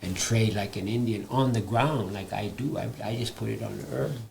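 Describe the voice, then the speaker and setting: Gravelly older man telling stories. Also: lowish voice, moderate pace, slight background noise. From Hawaii. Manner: animated storyteller who laughs between points. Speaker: guest, indigenous elder and artist. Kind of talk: live panel conversation, storytelling.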